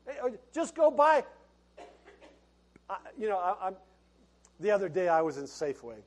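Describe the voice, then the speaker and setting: Male pastor, middle-aged, high voice, folksy sermon, chatty. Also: sing-song, normal speed. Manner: folksy and conversational, with laughs and restarts.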